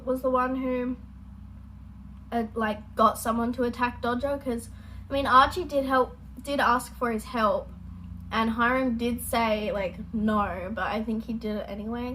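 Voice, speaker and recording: A woman's voice: a little high, bright, forceful tone, slight background noise, poor audio. A young woman hosting a reaction video at home, chatting casually in a rambling, apologetic way. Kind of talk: casual chat. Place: at home, indoors.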